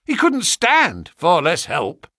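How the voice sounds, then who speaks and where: Gruff common-spoken constable, a man reading him; husky, lively, dry studio. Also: sits high, takes it slowly, no room sound, voice pushed up, heavily acted. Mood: aggrieved. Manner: dropped grammar, rough common speech. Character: gruff working-class London police constable, defensive. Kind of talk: audiobook character reading.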